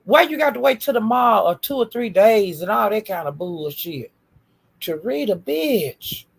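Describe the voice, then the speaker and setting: Woman commentator, rough fry-laced voice, nonstop cursing call-out rant. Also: medium pitch, expressive, normal speed. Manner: profane, scolding, repetitive insults. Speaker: YouTube commentator. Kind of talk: ranting commentary.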